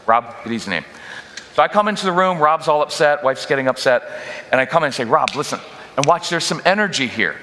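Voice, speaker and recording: A man giving a humorous parenting workshop talk as a guest speaker, lively and jokey, often slipping into quick mock voices of parents and kids. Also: a little high, a little hiss or hum. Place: church auditorium. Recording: long hall reverb in a church.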